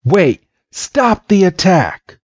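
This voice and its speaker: A man voicing an excitable, rash boy Pokémon trainer with high, yelping outbursts. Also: extremely slow, breathy edge, dry recording, full character voice. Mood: excited, indignant. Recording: dull lo-fi podcast mic.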